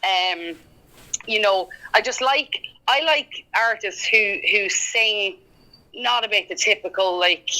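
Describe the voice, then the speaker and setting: A woman's voice: medium pitch, slow, sharp tone, rough recording. A woman from Ireland with an Irish accent, a singer-songwriter chatting as a guest in an interview, laughing often and talking with plenty of fillers. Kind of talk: casual interview chat.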